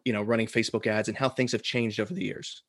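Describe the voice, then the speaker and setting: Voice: medium pitch, fairly even intonation, fast, dry recording, studio quality. Friendly podcast host with rambling questions. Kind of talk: podcast interview.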